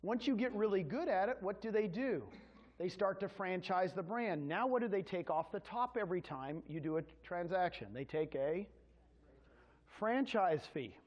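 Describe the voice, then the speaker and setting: A man's voice: high-pitched, animated, moderate pace. A middle-aged man giving a sales presentation to an audience, telling his story in a folksy way and speaking directly to the crowd. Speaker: real estate presenter. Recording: dull lo-fi sound.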